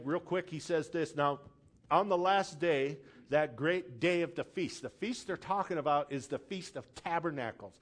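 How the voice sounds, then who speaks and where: A pastor preaching a sermon, casual asides and checking in with the congregation, building to loud emphatic peaks. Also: male voice, a little high. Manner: conversational asides, checks in with "okay?".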